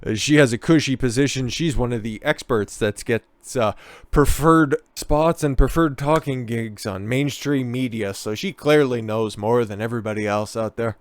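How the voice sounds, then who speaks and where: A man's voice: medium pitch, moderate pace, dry recording. A man hosting a political commentary show. He talks sarcastically and swears often, with mocking asides.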